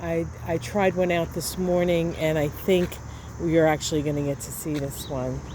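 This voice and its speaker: A woman's voice: low-pitched, flat delivery, moderate pace, background noise. A woman vlogging casually to camera outdoors in her garden, chatty and enthusiastic, often trailing off with fillers. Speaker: astrology vlogger.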